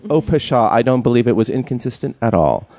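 A man's voice: medium pitch, animated, quick pace, creaky, dark tone. A man hosting a casual show, telling stories with many ums and restarts. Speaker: podcast host. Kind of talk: casual chat.

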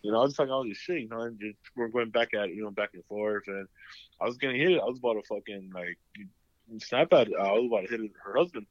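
A man's voice: lowish voice, fast talker, no echo, lo-fi sound. A man co-hosting a casual podcast chat, rambling through stories full of swearing and acted-out quotes. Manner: rambling storyteller, heavy swearing, acts out quotes. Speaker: podcast co-host.

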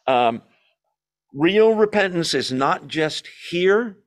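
A man's voice: on the high side, expressive, slow pace. A man leading a Bible study in a church meeting room, speaking animatedly and asking and answering his own rhetorical questions.

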